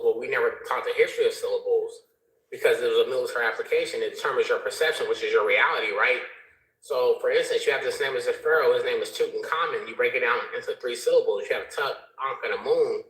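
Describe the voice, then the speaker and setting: Excitable rambling man, echoey room. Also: medium pitch. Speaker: panel guest. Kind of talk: casual online panel chat.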